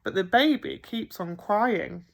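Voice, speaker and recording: A woman reading a picture book aloud to children as a primary school teacher, expressive and playful. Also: mid-range voice, slow pace, vocal fry. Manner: expressive, with gasps and playful emphasis.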